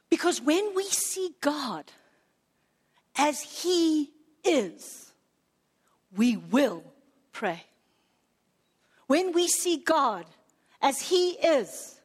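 A middle-aged woman preaching a sermon, emotional and swinging between hushed, slow passages and urgent appeals. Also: sits high.

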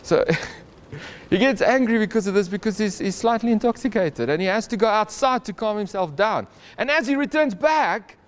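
A man retells a Bible story in an informal, animated way, chuckling now and then and often restarting his sentences. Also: sits high, moderate pace. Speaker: Bible teacher.

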